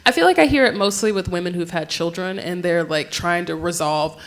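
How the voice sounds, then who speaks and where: A young woman and yoga teacher telling a candid personal story to an audience, animated and casual, with frequent swearing and "like". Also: lowish voice, a little fast.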